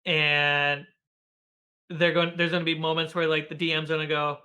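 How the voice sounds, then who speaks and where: A man as a guest in a casual video-call interview, an animated storyteller who laughs often and acts out the lines he quotes. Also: on the high side, normal speed. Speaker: guest, filmmaker and game master.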